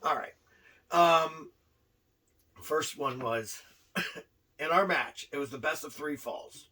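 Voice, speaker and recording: A man with a high, bright voice telling stories on a casual podcast. He gets animated and often restarts his words mid-sentence. He sounds a bit away from the mic. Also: takes it slowly, recorded from a distance, a little hiss or hum, low-quality recording. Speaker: podcast co-host, wrestler. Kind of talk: casual storytelling chat.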